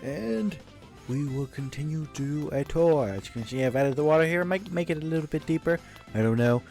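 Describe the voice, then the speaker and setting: A man's voice: on the high side, animated, brisk, darkish tone. Rambling casual man narrating gameplay. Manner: rambling, self-correcting, jokey. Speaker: gaming YouTuber. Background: faint background music.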